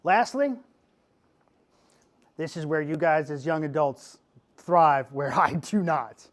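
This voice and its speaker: This middle-aged Pennsylvania podcast host speaks slowly with a voice on the high side. His classroom talk is lively and goofy, punctuated by frequent "okay?" check-ins.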